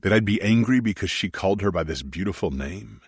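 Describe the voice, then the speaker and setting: Low husky guy reading a romance audiobook, brooding and intimate, dry close mic. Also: expressive, brisk, no echo. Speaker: audiobook narrator. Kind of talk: first-person romance audiobook narration.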